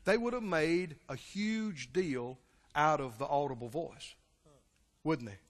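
A man preaching a sermon, impassioned, swinging between loud exclamations and quiet, low passages. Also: slow. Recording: long hall reverb.

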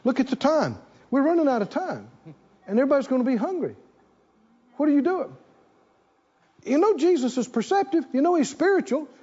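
A flustered, fretful woman in a high, swooping voice, as a husky-voiced preacher puts her on. She complains in an exasperated rush, heard on a dull lo-fi recording. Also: sing-song, a little fast, long pauses, a little mellow.

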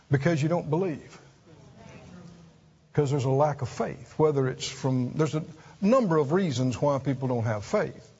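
A high-voiced man preaching a sermon, earnest and emphatic, who repeats himself and reaches up in pitch to drive points home. The recording is dull and muffled, with a long echo trailing through a large hall. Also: darkish tone, slightly rough. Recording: dull sound in a reverberant hall.

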